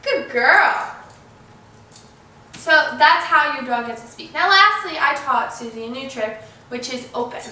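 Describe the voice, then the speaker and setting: A woman's voice: high voice, expressive, measured pace, pushed and bright. A woman hosting a casual dog-training tutorial, patiently giving her puppy short commands. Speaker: dog trainer and channel host. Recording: echoey room, mic far off, faint dog noise.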